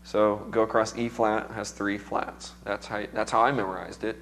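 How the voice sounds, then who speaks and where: A man's voice: lowish voice, little pitch movement, moderate pace, a bit bright, slight background noise. A man with a strained, recovering voice, teaching music theory to a seminar class in a casual, chatty way and quizzing the students.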